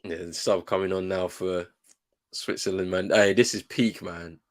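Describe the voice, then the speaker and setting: A man's voice: deep voice, fairly even intonation, moderate pace. A young man reacting to a football match live as a watchalong host, slangy and exasperated, often breaking into laughter.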